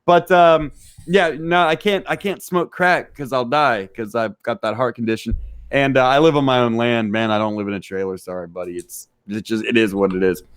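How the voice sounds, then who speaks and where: This man from Texas appears as a podcast guest, speaking at a normal pace in a clear, resonant, mid-range voice with fairly even intonation. He's profane and brash, laughing and cursing nonstop as he responds to live chat.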